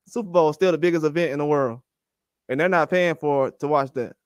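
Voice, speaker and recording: A man's voice: a little high, fast, clear, resonant tone, no echo, clean studio sound. A man hosting a boxing channel, talking casually and ranting, acting out the conversations he quotes.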